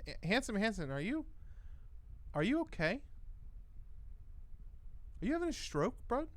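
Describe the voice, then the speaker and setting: A young man chatting on a late-night stream, his voice smooth and clear and a little high. He rambles and swears as he reads the chat. The sound is dry and close. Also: a little mellow, no echo. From Cuban. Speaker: livestream host.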